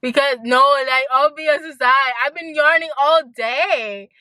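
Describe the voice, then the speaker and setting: A woman's voice: high-pitched, unhurried, sharp tone, no echo. Chatty young woman vlogging from her car. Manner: chatty, laughs often, many fillers. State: tired, yawning. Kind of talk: casual vlog chat. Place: parked car outdoors, hot day.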